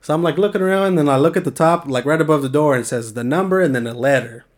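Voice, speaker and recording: A man's voice: fairly high pitch, racing. Young man swearing through a laid-back slangy story. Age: young adult. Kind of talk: casual storytelling chat.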